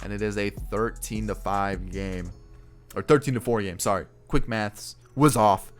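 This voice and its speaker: A young man, a gaming YouTuber, giving excitable play-by-play commentary on a baseball video game and exclaiming over big plays. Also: fairly low pitch, measured pace. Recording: faint background music.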